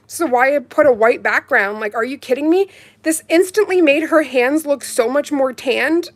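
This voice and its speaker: A woman hosting a nail polish livestream from home, chatting casually and reading out viewers' comments in a warm, gushing, heartfelt way. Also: high-pitched, moderate pace. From Canada.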